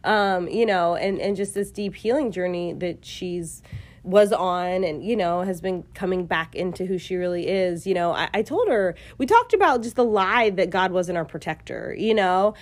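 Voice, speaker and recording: A woman's voice: lowish voice, expressive, moderate pace. Effusive woman in her forties hosting. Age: 40s. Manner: effusive, rambling, many fillers. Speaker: podcast host. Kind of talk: casual faith podcast chat.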